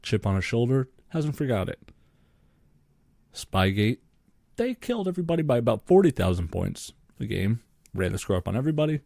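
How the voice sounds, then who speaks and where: Gravelly, sarcastic man ranting about sports. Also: on the low side, dark tone, no room sound, clean studio sound. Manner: sarcastic, ranting, swears freely. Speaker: podcast co-host. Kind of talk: solo sports podcast rant.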